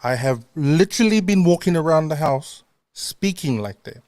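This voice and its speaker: A man's voice: fairly high pitch, expressive, normal speed, darkish tone, no room sound, clean studio sound. A male radio host in casual chat, talking in a chatty, self-mocking way and laughing often. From not London.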